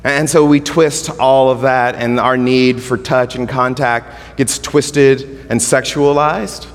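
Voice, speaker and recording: A man preaching a sermon in a mid-range voice, earnest and measured. He pushes his key points harder, then sinks low and slow. His voice rings with the long reverb of a church hall. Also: steady tone. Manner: earnest, builds to emphatic then drops to quiet, drawn-out words. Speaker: pastor.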